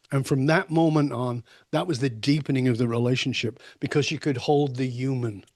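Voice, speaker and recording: An older man, a leadership mentor, telling candid personal stories emphatically in conversation, sometimes swearing and dropping low and soft. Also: steady tone, moderate pace, few pauses, no room sound, studio quality.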